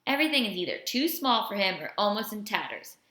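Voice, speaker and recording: A caring mother figure with a quick scolding streak, read by a woman. She fusses over a thin boy and chides her joking father. The voice has a roomy ring around it. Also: medium pitch, big pitch swings, pushed and bright. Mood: indignant. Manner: fussing, indignant, then tender. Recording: roomy echo.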